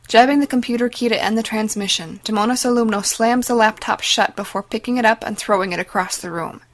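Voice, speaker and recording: A woman giving dramatic, measured scripted narration of a story. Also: a little high. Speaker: audiobook narrator.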